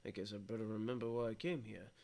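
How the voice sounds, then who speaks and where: A man's voice: lowish voice, steady tone, quick pace, creaky, darkish tone. A man streaming a visual novel, reading its first-person narration aloud with dramatic, pleading repetition. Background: game music.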